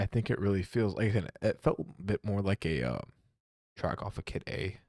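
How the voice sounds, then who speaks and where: A man's voice: low-pitched, vocal fry, dry recording, studio quality. A young man giving casual, rambling commentary while reacting to music, hesitant with restarts and frequent swearing.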